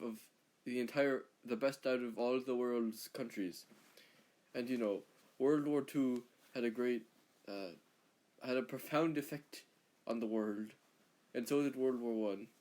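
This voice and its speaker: Comedy bit: a man doing a stumbling Irish patriot who rambles on, mid-pitched voice. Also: a little mellow, close to an everyday voice. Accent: Irish (put on). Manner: rambling, stumbling, self-interrupting. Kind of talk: comedic accent impression.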